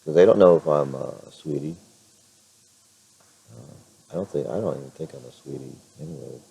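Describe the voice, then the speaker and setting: A middle-aged man chatting in a casual vlog with a hoarse, raspy voice, rambling with many fillers and restarts. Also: very deep voice, quick pace, warm tone, low-quality recording. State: clears throat now and then. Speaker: vlogger.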